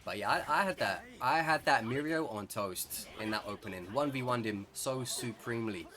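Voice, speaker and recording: A young man with an English accent giving chatty, excitable gameplay commentary, rambling and correcting himself as he plays. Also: medium pitch, moderate pace. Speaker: gaming streamer.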